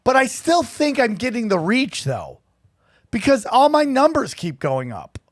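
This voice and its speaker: A man co-hosting a podcast, telling profane, animated stories in casual chat and acting out the people he quotes. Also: very high voice, measured pace, no room sound. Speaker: podcast co-host.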